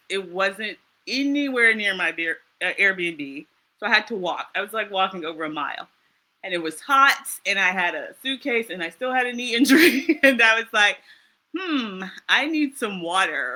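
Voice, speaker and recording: An American woman telling travel stories in casual chat, animated and laughing often. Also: mid-range voice. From United States. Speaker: interview guest.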